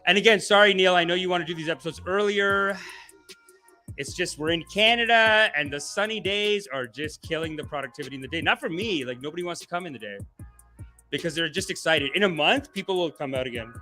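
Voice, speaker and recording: A man's voice: high-pitched, fairly quick, bright, forceful tone, soft background music. A man hosting a livestream as a comedian, rambling through tangents, joking around and reading viewer comments aloud. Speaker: comedian and show host.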